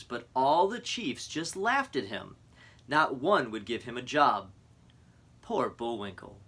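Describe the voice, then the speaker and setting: A man, a teacher, reading a children's picture book aloud to his students in an expressive storytelling voice. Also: medium pitch.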